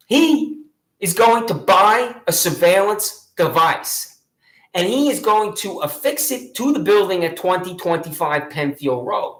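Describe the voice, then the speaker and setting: A man's voice: high voice, fairly bright tone. A man telling his own grievance in the second person, repeating himself emphatically and addressing himself by name. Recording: echoey room.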